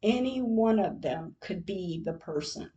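A woman podcast host, middle-aged, reading her diary entries aloud in a quiet, reflective way. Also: medium pitch, expressive, a little slow, muffled recording.

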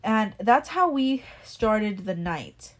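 A woman's voice: mid-range voice, animated, takes it slowly. A young woman casually telling a personal story, rambling, swearing a lot and restarting her sentences. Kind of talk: casual chat.

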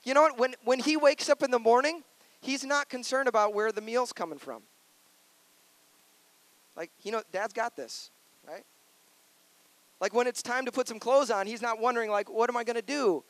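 A male pastor with a high voice for a man, preaching in a playful, conversational way that turns earnest and personal. The sound is dry and close. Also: moderate pace, pauses often, a bit bright, no room sound. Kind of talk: sermon.

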